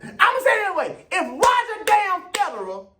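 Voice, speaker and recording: A man's voice: extremely high pitch, huge pitch swings, moderate pace, bright, forceful tone. A man hosting his own video show, ranting passionately to camera as a runner, repeating his points and stretching out words for emphasis. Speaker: vlog host and runner. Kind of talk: heated opinion rant to camera.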